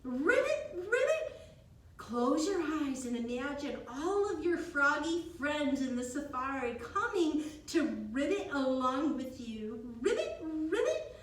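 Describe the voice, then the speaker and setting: A woman guides small children through a yoga class with a bright, sing-song warmth. Her voice sits high, and she is heard from some distance. The studio around her is very echoey, with a faint hiss of room noise. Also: unhurried, hardly any pauses. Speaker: kids yoga teacher.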